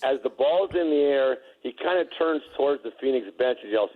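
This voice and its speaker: Halting man recounting a game story. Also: medium pitch, lively intonation, a bit bright, low-quality recording. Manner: halting, stammers and restarts, chuckles. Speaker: former basketball player telling stories. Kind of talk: interview anecdote.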